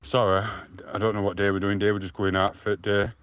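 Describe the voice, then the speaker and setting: A man's voice: fairly low pitch, level tone, a little fast, a bit bright, clear, resonant tone, no room sound. A British man from the UK live-streaming on his phone while walking outdoors, chatting rambly and defensively to his viewers. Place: outdoors, walking along streets.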